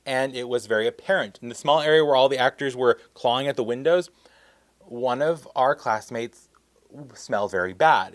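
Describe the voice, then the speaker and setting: A man casually telling a story about a film shoot, animated and acting out what others said. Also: mid-range voice, no room sound, studio quality. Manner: animated, acts out quotes. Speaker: storyteller vlogger.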